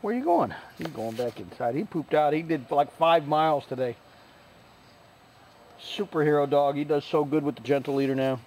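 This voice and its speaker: A man at a dog rescue kennel talking to the dogs in an affectionate, coaxing way, often jumping into high baby-talk, with dogs barking behind him. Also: fairly even intonation, moderate pace, a little mellow, a little hiss or hum.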